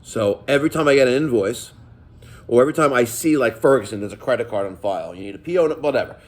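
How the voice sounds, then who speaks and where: A man's voice: mid-range voice, lively intonation, quick pace. A middle-aged man, a plumbing contractor telling stories and giving advice in a casual, emphatic, profane vlog rant.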